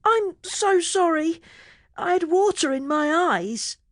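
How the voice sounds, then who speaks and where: A man voicing a flustered nine-year-old boy who wails and yelps in a high shrill voice. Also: animated, slow pace, a bit bright, no echo, studio quality, exaggerated voice. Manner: high shrill wailing, indignant.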